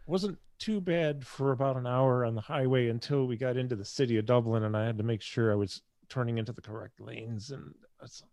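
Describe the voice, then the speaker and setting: A man's voice: medium pitch, fairly quick, few pauses, a little mellow, no room sound. A male host in casual chat, mostly giving short affirmations before telling an easygoing story of his own. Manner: brief affirmations, then an easygoing anecdote.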